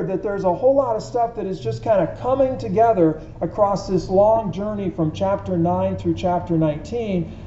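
A man's voice: high voice, dark tone, a little hiss or hum. A man teaching an informal Bible study in a conversational way, often asking his listeners questions. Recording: dull echoey room recording.

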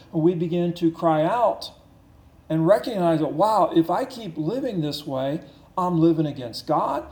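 Male pastor, slightly high voice, earnest building sermon delivery, echoey room sound. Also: darkish tone. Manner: earnest, repetitive preaching with slowed emphasis and rising intensity.

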